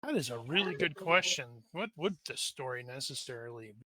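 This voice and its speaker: A man playing a tabletop game, talking quickly and jokingly, with frequent restarts. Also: mid-range voice, animated, crowd noise. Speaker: player. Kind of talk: casual tabletop game chat.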